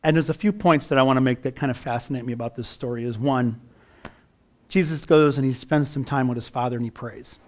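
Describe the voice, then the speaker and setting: A man's voice: mid-range voice, a little fast, a little mellow. A middle-aged man preaching a sermon as pastor, building fervor and firing rhetorical questions at his congregation.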